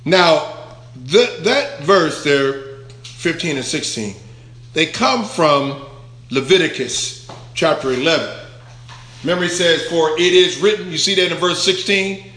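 Guy preaching verse by verse, bright ringing voice, lots of room echo, leans hard on words. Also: on the high side, lively intonation, measured pace. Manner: emphatic, stretches key words, asks the congregation questions. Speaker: pastor. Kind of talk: sermon, verse-by-verse Bible teaching.

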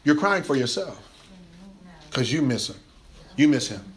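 This pastor has a medium-pitched voice and a moderate pace. His preaching is colloquial and lively, full of laughter and frequent restarts.

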